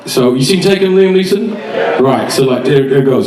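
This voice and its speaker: A man's voice: medium pitch, expressive, moderate pace. A man doing a stand-up set, chatty and swearing as he acts out little scenes. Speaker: stand-up comedian. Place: comedy club stage with live audience. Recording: echoey venue, distant mic, faint noise.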